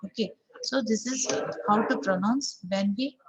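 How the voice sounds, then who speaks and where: A woman's voice: mid-range voice, a little slow, poor audio. Indian woman teaching an online class. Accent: Indian English. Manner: repeats example sentences, fills with frequent "okay". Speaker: English teacher. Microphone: video call. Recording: online class audio with crowd chatter behind.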